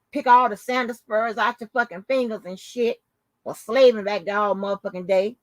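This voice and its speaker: A woman hosting her own channel, telling a story in a casual, animated, profane and mocking way. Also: a little high, no echo. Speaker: channel host. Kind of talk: casual live-stream commentary.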